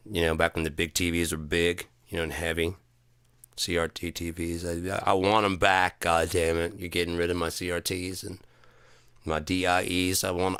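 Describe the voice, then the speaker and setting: A comedic commentator with a deep, fairly bright, clean voice delivers a sarcastic solo rant, recorded dry. He's profane and mocking toward people, sliding into put-on voices as he goes.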